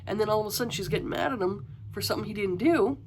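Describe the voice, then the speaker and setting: A woman's voice: mid-range voice, racing, darkish tone, a little hiss or hum. A woman giving a casual, exasperated book review, ranting with swearing and rhetorical questions.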